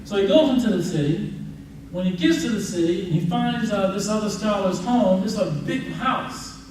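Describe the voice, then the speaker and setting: Brief: male Islamic teacher, high voice, casual storytelling style, recorded far off in a roomy hall. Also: normal speed. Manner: lively colloquial storytelling, addresses the audience directly. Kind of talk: lecture with storytelling. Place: mosque or Islamic center hall. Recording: echoey hall, mic far off, faint noise.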